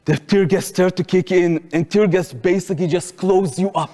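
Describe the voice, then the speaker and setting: High-voiced Israeli man telling a story. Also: moderate pace, warm tone, long reverb tail. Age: 20s. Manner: non-native phrasing, vivid present-tense retelling. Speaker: speaker at a public talk. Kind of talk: first-person storytelling to an audience. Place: lecture hall.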